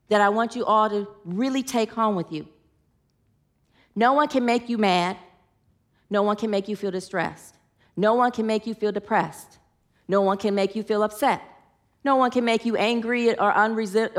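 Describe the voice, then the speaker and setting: A woman teaching a sermon in an earnest manner, leading her listeners in affirmations and telling stories with animation. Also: mid-range voice. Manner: earnest, leads the group in affirmations. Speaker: spiritual teacher.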